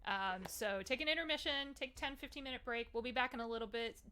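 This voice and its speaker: A woman runs a tabletop game as game master, her voice sitting a little high. She keeps things chatty and upbeat and laughs often between turns. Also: fast, sharp tone, smooth.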